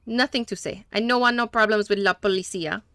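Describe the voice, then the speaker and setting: A woman's voice: mid-range voice, steady tone, pushed and bright, clean tone, dry recording, clean studio sound. A woman voicing a nervous small-town male mechanic in broken English with a mock Spanish accent. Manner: broken English, quick denials.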